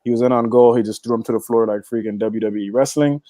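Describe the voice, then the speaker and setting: A man's voice: mid-range voice, fairly even intonation, fast, mellow. A man co-hosts a casual football podcast, running through the weekend's scores in an easygoing way, full of ums and uhs. His voice sits in a middle range and is recorded dry and close, with no room echo. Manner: laid-back, lots of fillers, laughs easily. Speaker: podcast co-host. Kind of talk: casual sports chat.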